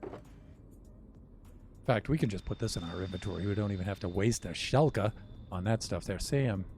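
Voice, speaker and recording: Low-voiced older man, rambling stream chat. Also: a little fast, background noise. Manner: rambling, wry, self-mocking asides. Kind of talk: casual gameplay chat.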